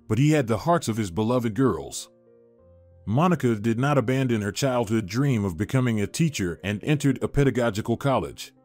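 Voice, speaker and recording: A man narrating a scripted story in an even, measured way. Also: mid-range voice, no echo.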